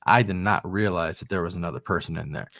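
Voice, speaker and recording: A man's voice: deep voice, quick pace, gravelly, a bit bright, no echo. A married man co-hosting a casual podcast chat, telling stories animatedly and swearing casually. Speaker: podcast co-host.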